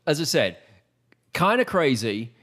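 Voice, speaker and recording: A man's voice: on the high side, a little slow. A man co-hosting a podcast, telling anecdotes in casual chat and acting out quoted lines. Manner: animated anecdotes with put-on quotes. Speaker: podcast co-host.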